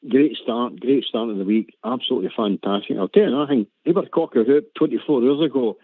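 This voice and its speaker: A man's voice: mid-range voice, quick pace, no room sound. A Scottish man chatting in a rambling way as a guest on a fan radio show. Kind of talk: casual chat. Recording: tinny dry phone line.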